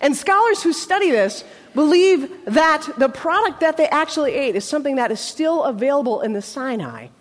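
A woman preacher speaks in a high voice, giving a conversational sermon with dramatic pauses. Her words ring out with a long reverb in a large church sanctuary. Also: big pitch swings.

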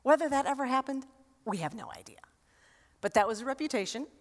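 A woman pastor preaching a sermon in a conversational, expressive way, with rhetorical questions and emphatic repetition. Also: high voice, fairly quick. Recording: long reverb in a large hall.

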